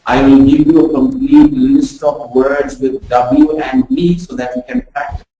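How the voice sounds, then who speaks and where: A woman teaching a pronunciation lesson, demonstrating sounds with deliberate exaggeration. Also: deep voice, big pitch swings, creaky, dark tone, highs cut off. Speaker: communication skills trainer. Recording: very echoey room, voice far from mic.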